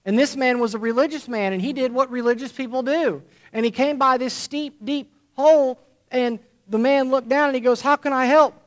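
A man preaching to his congregation in a fairly high voice, leaning on repetition and deliberate emphasis. His sermon delivery is earnest and measured, building points one phrase at a time. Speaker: pastor. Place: church congregation.

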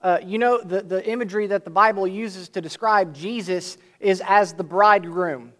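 A high-pitched man preaches earnestly, reading scripture aloud between his explanations. He slows down and lets his voice swell to stress a point.

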